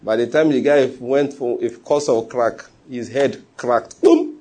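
A man preaching a sermon in an animated way, full of laughing asides and acted-out quotes. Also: medium pitch, unhurried.

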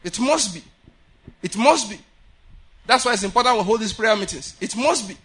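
A man preaches at a prayer meeting in a high, bright voice with a husky grain. He is animated, laughs often, and acts out the voices he quotes. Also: moderate pace. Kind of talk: sermon.

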